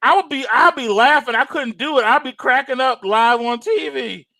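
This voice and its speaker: A man's voice: very high voice, moderate pace, gravelly, pushed and bright, dry recording. A man hosting a trading show, chatting casually, laughing hard and exclaiming in disbelief. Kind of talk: casual chat.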